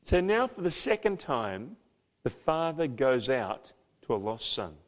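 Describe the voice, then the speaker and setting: A man preaching a sermon as pastor, emphatic, with loud, dramatic peaks. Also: medium pitch, big pitch swings, a little slow, slight background noise. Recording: long hall reverb.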